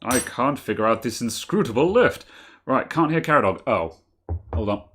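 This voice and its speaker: A man's voice: mid-range voice, lively intonation, normal speed, fairly bright tone, slight background noise. A man hosting a live tech podcast stream, chatting casually, laughing often and thinking aloud with fillers. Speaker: podcast host.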